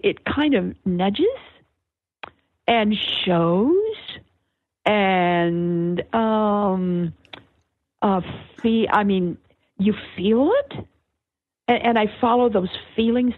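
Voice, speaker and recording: An older woman, a guest author on an interview, explaining things in a slow, searching way with many fillers and restarts over a phone line. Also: mid-range voice, animated, dry recording. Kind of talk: reflective conversational explanation. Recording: tinny phone-line sound.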